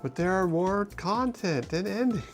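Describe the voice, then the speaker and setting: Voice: medium pitch, lively intonation. Chill cohost on stream, lots of yeah and mm-hmm, voice bounces around a lot, bit of music under it. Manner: laid-back, quick agreeing replies, laughs along. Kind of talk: casual chat on a stream.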